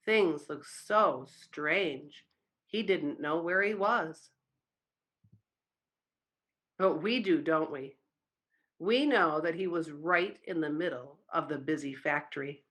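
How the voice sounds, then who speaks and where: A woman reading a children's story aloud at a church service, expressive and engaging her listeners. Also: deep voice, takes it slowly, pauses often.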